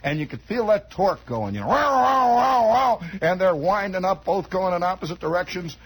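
A man's voice: high-pitched, a little fast, slightly rough, rough recording. A man telling a long, rambling comic story, chatty and digressive, full of asides and restarts.

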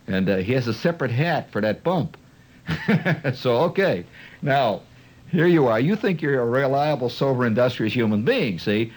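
A man telling a rambling, mocking stand-up story in an animated way. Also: medium pitch. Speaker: comedian.

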